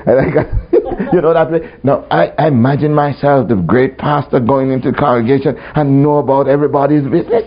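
A man's voice: medium pitch, brisk, few pauses. A man preaching a testimony sermon to a congregation, telling his story and laughing often. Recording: muffled recording with faint ambience.

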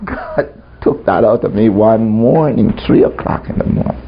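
A man's voice: lowish voice, animated, moderate pace, gravelly, slight background noise. A man preaching a testimony sermon to a congregation, telling his story and laughing often. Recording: muffled recording with faint ambience.

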